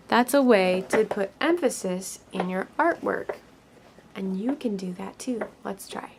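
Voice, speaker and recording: A woman teaching a children's art lesson, speaking gently and encouragingly to young viewers as she draws. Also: medium pitch, a little slow, slightly rough.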